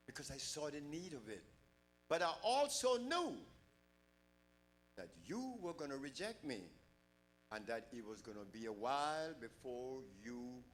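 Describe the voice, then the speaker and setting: A man's voice: medium pitch, a bit bright, slight background noise. An older man giving an emphatic public lecture to a large live audience, full of rhetorical questions.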